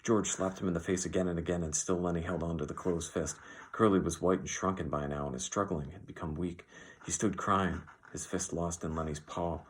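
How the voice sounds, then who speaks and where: A man reading an audiobook as narrator in an even, measured way. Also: sits low. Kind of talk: scripted narration.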